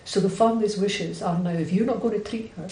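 A Scottish woman who is a Buddhist nun, telling a personal story in conversation with direct, animated delivery that acts out quoted dialogue. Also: mid-range voice, brisk, roomy sound, poor audio.

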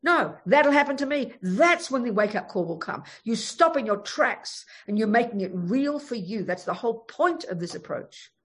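A woman's voice: fairly high pitch, normal speed, few pauses, slightly rough. A woman giving a Buddhist teaching, emphatic and frank, telling stories as she goes. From Australia. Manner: animated, emphatic, frank storytelling. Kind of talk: Buddhist dharma talk.

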